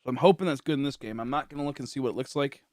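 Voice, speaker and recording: Talking very fast, a weary young game streamer chats casually with his viewers from home, rambling, thinking out loud about his next move and relying heavily on fillers. His pitch is middling, and the close, dry recording carries no echo or room sound.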